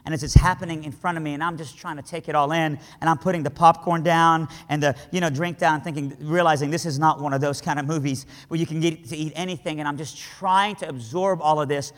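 A man from Iran delivers a storytelling sermon with a fairly high voice. His delivery is dramatic, dropping to a hush and then rising to impassioned cries. A long hall reverb trails his words. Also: fairly even intonation, fast, few pauses. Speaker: speaker.

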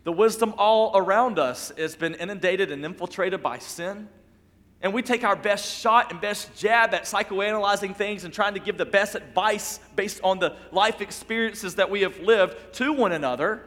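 A man preaching a sermon as pastor, emphatic and repetitive, dropping to soft low tones on key phrases. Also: normal speed, long reverb tail.

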